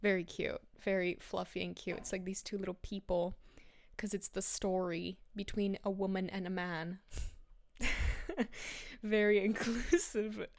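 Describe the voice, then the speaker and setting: A woman's voice: medium pitch, flat delivery, normal speed, gravelly, dry recording. A young woman from Bulgaria hosting her own podcast in casual, rambling, self-deprecating chat, a little out of breath. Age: young adult. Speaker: podcast host.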